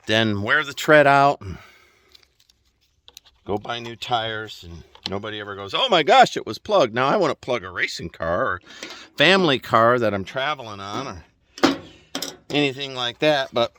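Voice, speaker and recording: Outdoors on rural land, a man vlogs while fixing a trailer tire, sounding short of breath. His mid-range voice has a sharp tone, and his casual DIY talk rambles in a folksy way with chuckling asides.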